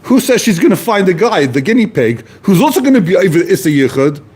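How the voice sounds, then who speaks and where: Husky-voiced man giving an animated lecture. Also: high voice, fast talker, hardly any pauses. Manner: animated, repeats key phrases and restarts while explaining; poses questions to the listener and answers them. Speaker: Talmud teacher. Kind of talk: lively explanatory lecture.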